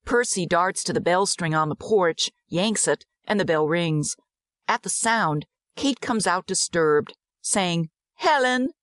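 A woman narrating a dramatized audiobook in a measured, descriptive way. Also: on the low side, a bit bright, dry recording, clean studio sound.

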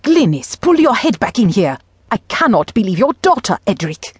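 A woman voicing a dignified, sharp-tongued middle-aged mother who chides and scolds in exasperation. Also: mid-range voice, expressive, normal speed, husky, no echo. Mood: scolding. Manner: chiding, exasperated, haughty.

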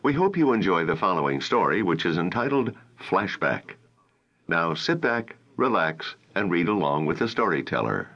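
A man narrating a children's audiobook with expressive storytelling, on a muffled lo-fi recording. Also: low voice, normal speed, breathy edge.

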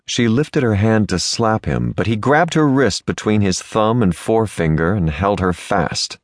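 A man narrating a Western romance audiobook with lively, expressive storytelling. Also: fairly low pitch, a little slow, dry recording, studio quality. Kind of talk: scripted narration.

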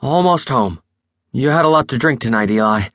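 A man's voice: medium pitch, lively intonation, moderate pace, a bit bright, dry recording, clean studio sound, pitched above the performer's own voice. A male narrator playing a tense younger driver who answers in clipped, tight replies.

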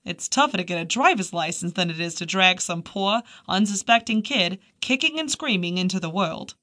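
A booming, blunt female shrink with a broad New England accent, as a woman narrator puts her on. She talks loud and crude, cracking jokes in a voice pitched well above the reader's own. It is an audiobook reading. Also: animated, normal speed. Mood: brash joking. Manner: blunt, bawdy, wisecracking. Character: brash middle-aged female psychiatrist friend.

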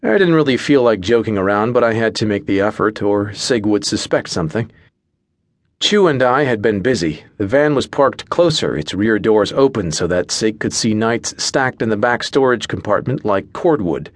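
A man's voice: lowish voice, lively intonation, normal speed, no room sound. Dry, wry male audiobook narrator. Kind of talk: first-person audiobook narration.

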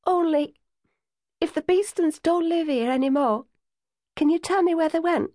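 A woman's voice: high-pitched, very animated, slow pace, vocal fry, darkish tone, no room sound, clean studio sound, voice pushed up, heavily acted. A woman voicing a desperate young woman, pleading and near tears. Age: young adult. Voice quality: pleading, tearful.

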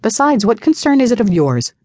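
A woman voicing a small, flustered young female student who pleads in a higher voice. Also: sing-song, measured pace, dark tone, breathy edge, no room sound, full character voice.

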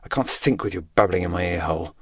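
A man playing a teenage boy undercover agent who speaks in a flat, controlled and quietly menacing way. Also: deep voice, quick pace, breathy edge, dry recording, studio quality. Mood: terse.

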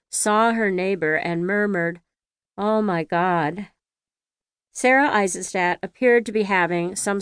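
Smooth, measured audiobook woman. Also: medium pitch, fairly bright tone, dry recording, studio quality. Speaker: author narrating her own audiobook. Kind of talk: audiobook narration.

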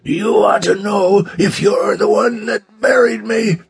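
A rasping, desperate buried man. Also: steady tone, takes it slowly, heavily acted. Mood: desperate pleading. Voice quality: rasping, strained. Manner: frantic high cries, barely audible.

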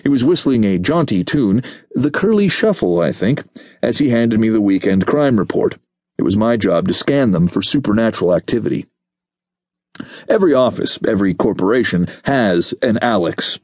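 Male audiobook narrator, low, wry and relaxed, dry studio read. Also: no echo. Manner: wry, laid-back storytelling. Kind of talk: scripted first-person narration.

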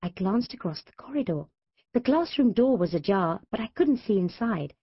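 Woman, storybook narration, lively pitch, dull dry studio sound. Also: normal speed, slightly rough, dry recording. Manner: expressive, animated reading. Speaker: audiobook narrator.

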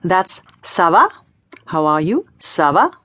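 A woman's voice: fairly low pitch, very animated, slow, a bit bright. A woman teaching in a scripted audiobook lesson, prompting the learner in an encouraging, playful way. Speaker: language teacher.

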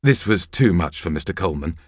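Male narrator for a children's story: expressive, animated pitch, dry studio read. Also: brisk, husky, dry recording. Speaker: audiobook narrator.

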